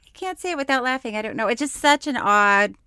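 A woman's voice: a little high, lively intonation, fast, pushed and bright, clean tone, no room sound, studio quality. A woman co-hosting a podcast, chatting and giggling as she talks. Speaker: podcast co-host. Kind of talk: casual chat.

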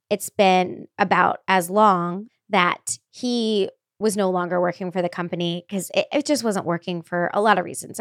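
A woman in her thirties hosting a podcast, telling candid stories in a lively, chatty way with lots of fillers. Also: mid-range voice, dry recording, studio quality. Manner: candid, animated storyteller with frequent fillers. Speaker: podcast host. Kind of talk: casual podcast chat.

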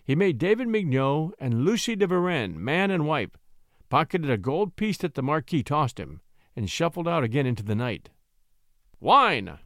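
A man narrating a classic short story with expressive storytelling. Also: fairly high pitch, moderate pace, dry recording, studio quality. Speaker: audiobook narrator.

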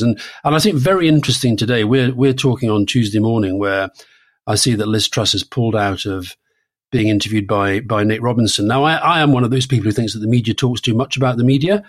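An older man in his sixties co-hosts a political podcast in a relaxed, conversational way. He often stops and restarts his sentences and leans on fillers as he goes. His voice sits at an average pitch. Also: a little fast, breathy edge. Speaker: podcast co-host. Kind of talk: casual political chat.

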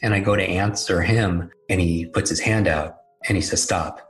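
A man's voice: sits low, fairly even intonation, moderate pace, over music, low-quality recording. A man telling a personal story in a candid, self-deprecating, conversational way. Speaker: speaker telling his life story. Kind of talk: storytelling talk.

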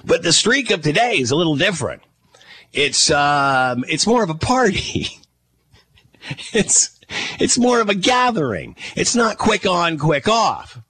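A man's voice: fairly high pitch, very animated, unhurried, pushed and bright, husky, dry recording. A man from Canada hosting a radio podcast, rambling in casual chat with chuckles and mock quotes.

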